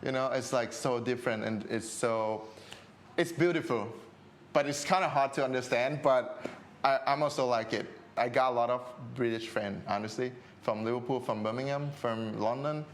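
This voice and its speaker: A man's voice: medium pitch, normal speed, slight background noise. Thai-accented man telling stories with laughs. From Thailand. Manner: animated storytelling with acted-out quotes and frequent laughs. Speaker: podcast guest. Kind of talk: casual interview chat.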